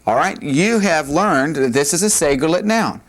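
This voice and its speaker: A man's voice: fairly high pitch, lively intonation, moderate pace. A man teaching a Hebrew grammar lesson at a board in a classroom, patiently repeating key points with frequent "all right" and "uh".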